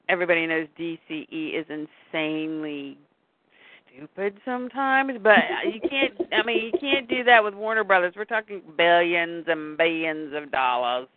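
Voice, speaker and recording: Over a tinny, phone-like line with no room sound, a woman with a lowish, animated voice co-hosts a casual podcast chat at normal speed. She rambles, cuts herself off mid-sentence and acts out quotes along the way.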